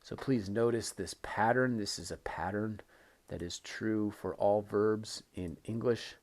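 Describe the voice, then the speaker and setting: Slightly slow and a little mellow, a fairly low-voiced man guides listeners through a recorded English lesson. He keeps returning to the key phrases with emphasis, patiently walking students through the fundamentals.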